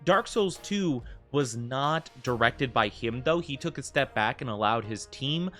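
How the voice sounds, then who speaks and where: An American streamer chats casually through a game livestream, drifting between thoughts and leaning heavily on fillers like "like." His middle-pitched voice is bright, forward and expressive, a little slow, with faint music playing quietly underneath.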